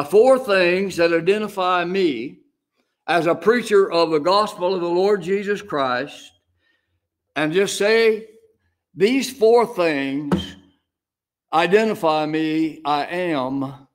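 An older man preaching a sermon as senior pastor, in a homey, folksy style with slow, emphatic repeated phrases. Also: high-pitched.

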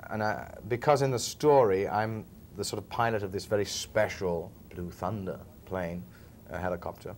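A Liverpool-born film actor, interviewed in a relaxed way, spins stories chattily and chuckles now and then. His voice sits low and runs at normal speed with few pauses, over a little hiss or hum.

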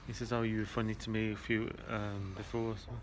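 A man's voice: on the low side, level tone, brisk. A man with an English accent venting casually to camera at a railway station, aggrieved and repetitive as he tells a story. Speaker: vlogger. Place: outdoor railway station platform. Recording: noisy station ambience.

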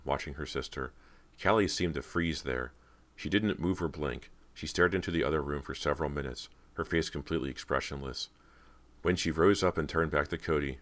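Super deep-voiced guy reading a spooky audiobook, slow and dramatic. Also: fairly bright tone. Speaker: audiobook narrator. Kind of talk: scripted horror narration.

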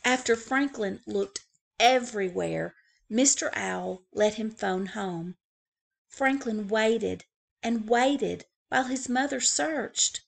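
A woman librarian reading a picture book aloud to young children, expressive, with playful asides to the kids. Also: on the high side, slow, gravelly. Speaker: school librarian.

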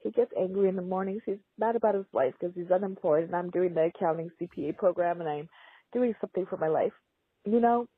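Woman caller, voicemail over a phone line, emotional and rambling, husky. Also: fairly low pitch, fast talker, no room sound. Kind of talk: voicemail confession.

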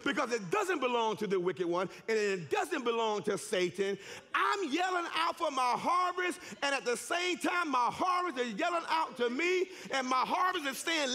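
A male preacher delivering a sermon in a church. His voice sits unusually high and rings bright. He shouts fervently, with big, lively swings in pitch and emphatic repetition. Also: moderate pace. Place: church sanctuary.

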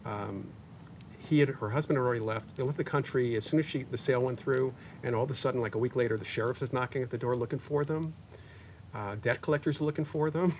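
A man in his sixties speaks as an interview guest, rambling through anecdotes and dropping jokes along the way. He sounds set back from a distant mic, with a faint low rumble underneath. His pitch sits at an ordinary middle height. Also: steady tone, fast talker. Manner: chatty, anecdotal, joking asides. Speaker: paranormal investigator guest. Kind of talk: interview conversation. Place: community media studio.

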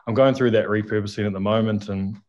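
A man's voice: on the low side, fairly even intonation, fast talker, darkish tone, lo-fi sound. A New Zealand man in his thirties, a podcast guest talking reflectively, hesitating with ums. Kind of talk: casual interview chat.

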